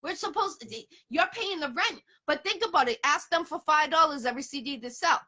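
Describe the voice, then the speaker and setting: A woman's voice: sits high, lively intonation, fairly quick, bright, forceful tone. A woman hosting a casual interview, talking emphatically and repeating her points. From Boston area. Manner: emphatic, repeats herself, promotional. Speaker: host.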